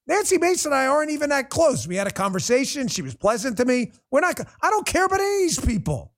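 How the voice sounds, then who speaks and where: High-voiced man ranting bluntly. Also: big pitch swings, fast, fairly bright tone. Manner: blunt, profane, exasperated ranting; addresses viewers in the chat directly. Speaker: political commentary host. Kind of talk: livestream commentary rant.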